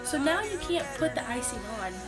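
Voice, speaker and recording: Over loud music, a young woman talks briskly in a high voice, vlogging to camera despite a sore throat. Her storytelling is chatty and lively, peppered with plenty of "like"s.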